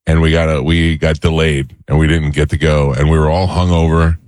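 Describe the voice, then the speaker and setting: A middle-aged man hosting a talk show, telling a funny anecdote in an animated way and mimicking the people in it. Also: rumbling low, fairly quick, dry recording. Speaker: radio show host. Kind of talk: casual storytelling chat.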